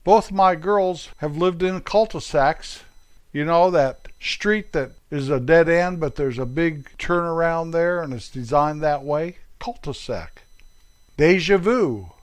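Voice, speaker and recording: An older American man telling light, joking stories on his own show, now and then squeaking out mock French exclamations. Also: a little slow, clean tone. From United States. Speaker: podcast host. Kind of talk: humorous storytelling monologue.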